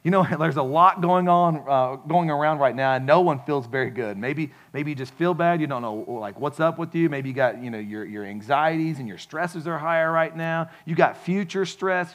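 A man's voice: fairly high pitch, normal speed, few pauses, fairly bright tone. A man preaching a sermon as pastor, in a casual, conversational way with frequent asides to the congregation.

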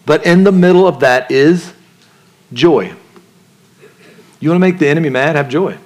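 A man's voice: fairly high pitch, moderate pace. A male pastor preaching a sermon in a conversational way, asking the congregation questions and acting out the voices in people's heads. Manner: conversational preaching, asks the crowd questions, acts out inner voices.

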